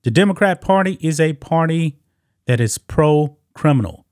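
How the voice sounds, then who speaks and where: A man's voice: fairly high pitch, animated, normal speed, darkish tone, dry recording, clean studio sound. A man hosting casual political commentary, mocking and talking straight to his viewers. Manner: mocking, addresses viewers as guys.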